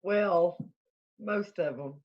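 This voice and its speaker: A woman's voice: fairly low pitch, very slow, slight background noise. A woman with a Southern US accent, a guest on a live-stream chat show, teasing and laughing. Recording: dull lo-fi stream audio.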